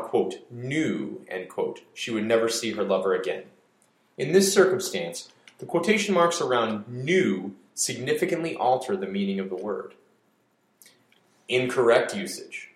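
A man with a lowish voice reads a scripted explainer as a podcast host, dry and a little mock-dramatic. The sound carries a noticeable room echo. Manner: wry, mock-dramatic delivery. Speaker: podcast host for an editing service.

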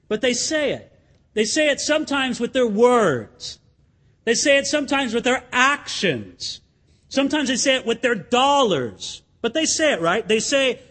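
High-pitched guy preaching, keeps asking the room "right?", acts out the crowd's chants. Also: fairly bright tone, husky. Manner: emphatic, rhetorical questions to the congregation. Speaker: pastor. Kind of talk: sermon.

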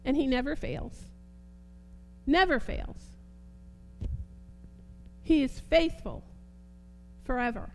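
A woman preaching a sermon, fervent, repeating phrases and swinging between soft and emphatic delivery. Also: high voice, expressive, takes it slowly, long pauses, slight background noise.

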